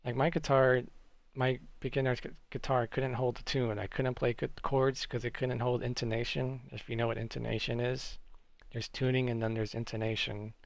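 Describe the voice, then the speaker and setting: A man's voice: mid-range voice, level tone, moderate pace, creaky, no echo. A man streaming live, chatting casually with viewers and reacting to chat messages.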